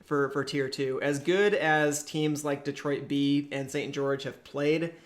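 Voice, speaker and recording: A man co-hosting a podcast from a rental house, calmly running through tournament standings with dry jokes. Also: fairly high pitch. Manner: measured, analytical, with dry jokes. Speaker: podcast co-host. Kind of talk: casual tournament recap chat. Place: shared rental house, indoors.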